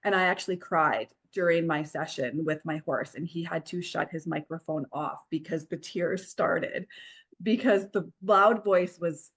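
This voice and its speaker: A woman's voice: lowish voice, a little slow, breathy edge. A woman in her forties, a divorce coach, telling her story in a podcast interview in an earnest, reflective way. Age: 40s.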